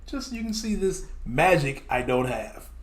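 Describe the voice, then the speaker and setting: A man's voice: a little high, big pitch swings, normal speed, roomy sound. A man hosting a mobile game stream, chatting casually with guests, often laughing and sarcastic. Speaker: streamer host. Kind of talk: casual gaming stream chat.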